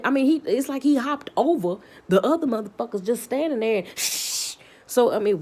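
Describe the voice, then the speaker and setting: Woman vlogger, mellow dark voice, blunt, heavy swearing, heated rant. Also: on the high side, brisk. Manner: repetitive restarts when worked up. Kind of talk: profane opinion rant.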